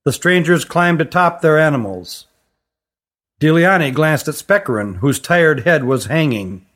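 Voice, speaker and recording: A man narrating a fantasy story in an even, careful reading voice. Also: fairly high pitch, measured pace. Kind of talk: audiobook narration.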